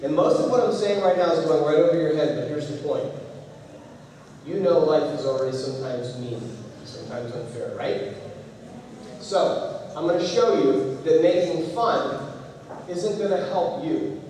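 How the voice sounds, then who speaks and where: A man's voice: fairly high pitch, normal speed, dark tone, slight background noise. A middle-aged man giving a motivational talk to students at a school assembly, telling a story and acting out the voices in it. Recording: echoey hall, far from the mic.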